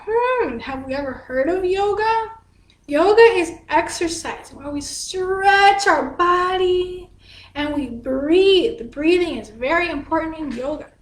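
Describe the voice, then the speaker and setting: A woman teaching a dance and yoga class to young children, patient and sing-song, explaining each step simply. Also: very high-pitched. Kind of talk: slow, gentle instruction for young children. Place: home room, livestreamed class. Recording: echoey room.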